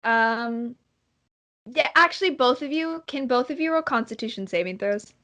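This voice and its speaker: A woman narrating a tabletop game as game master. She describes scenes at length and pauses often with fillers. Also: fairly high pitch, expressive, bright, forceful tone.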